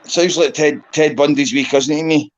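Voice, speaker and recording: A man's voice: fairly high pitch, fairly even intonation, normal speed, muffled recording, slight background noise. A man on a live stream, chiming in with short agreements and swearing. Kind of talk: casual live stream chat.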